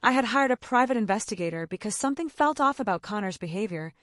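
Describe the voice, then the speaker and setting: A woman's voice: medium pitch, animated, quick pace, a bit bright, no echo, clean studio sound, lightly acted. A woman voicing a young female friend who keeps apologizing, earnest and remorseful. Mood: apologetic.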